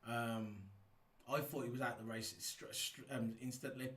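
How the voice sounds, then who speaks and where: An excitable man talks through a race review, rambling and restarting his sentences with plenty of ums. He sits some way back from the mic in a roomy, echoey space, and his voice is mid-pitched. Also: moderate pace, recorded from a distance. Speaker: F1 YouTube reviewer. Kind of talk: casual race review monologue.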